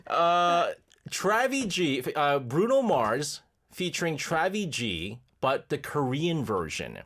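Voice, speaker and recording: A man's voice: a little high, big pitch swings, fairly bright tone. A man hosting a radio show from the studio, joking and rambling in casual chat. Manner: joking, rambling, quick to laugh. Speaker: radio host.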